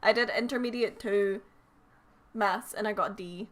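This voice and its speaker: A woman's voice: mid-range voice, measured pace, fairly bright tone, slight background noise. A young Scottish woman chatting casually as co-host, blunt and teasing, laughing easily. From Scotland. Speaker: co-host and timekeeper. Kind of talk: casual chat.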